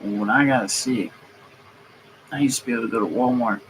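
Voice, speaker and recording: A man's voice: medium pitch, moderate pace, a bit bright, slight background noise, rough recording. A man streaming a comedic rant, griping heatedly and swearing freely as he goes. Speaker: streamer and mechanic. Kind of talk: comedic ranting monologue.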